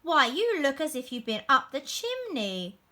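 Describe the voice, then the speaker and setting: A motherly bear from a picture book, exclaiming in a swooping, bright voice, as a woman reads her lines. She sounds fussing yet fond. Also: sits high, very animated, measured pace, full character voice.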